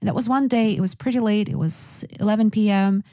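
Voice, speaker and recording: A young woman with a Russian accent, co-hosting a podcast and telling stories in a casual, animated way. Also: mid-range voice, brisk. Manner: animated, acts out quoted voices. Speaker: podcast co-host. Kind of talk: casual storytelling chat.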